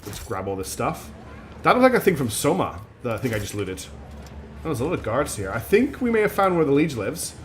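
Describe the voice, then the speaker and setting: Brief: male gaming streamer, chatty and rambling, pokes fun at himself, mid-pitched. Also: very animated, a little fast, a little hiss or hum. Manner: chatty, rambling and self-deprecating. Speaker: game streamer. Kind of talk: casual gaming commentary.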